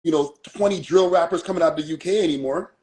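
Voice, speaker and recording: A man's voice: a little high, fast talker, a little mellow. A man with a Toronto accent, a guest on a casual live-stream chat, talking in a laid-back, slangy way. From Canada.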